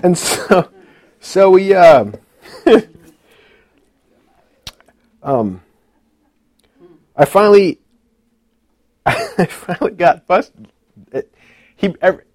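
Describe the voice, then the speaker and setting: A man's voice: high voice, sing-song, extremely slow, long pauses, a little mellow, dry recording. A man giving a personal church testimony in casual, earnest speech, laughing nervously now and then. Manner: earnest and emotional, with frequent nervous laughs and many fillers.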